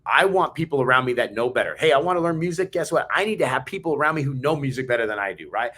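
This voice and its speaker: A man's voice: medium pitch, lively intonation, racing, fairly bright tone. A man co-hosting a podcast, telling stories in a fired-up, emphatic way. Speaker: podcast co-host. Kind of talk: casual chat.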